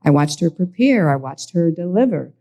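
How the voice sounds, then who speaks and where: A woman on a church panel, a pastor's daughter, telling reflective stories about her family in a halting way. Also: lowish voice, very animated, dark tone. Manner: reflective, halting with frequent restarts. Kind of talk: reflective personal storytelling.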